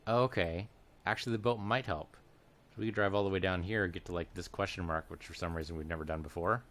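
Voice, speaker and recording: A man's voice: deep voice, quick pace, fairly bright tone. A man giving casual, rambling commentary while playing a video game, musing aloud as he goes. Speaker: let's play gamer.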